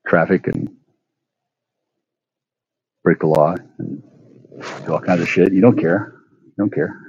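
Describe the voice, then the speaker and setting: A man rambling profanely into his phone at home, stammering through restarts and breaking into sudden loud outbursts. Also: sits low, breathy edge, dry recording, highs cut off. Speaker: vlogger. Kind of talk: rambling monologue rant.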